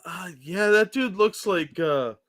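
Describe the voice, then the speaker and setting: Brief: male co-host, bright, edgy tone, dry teasing side-remarks on a live stream. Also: sits high, takes it slowly. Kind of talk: casual live stream chat.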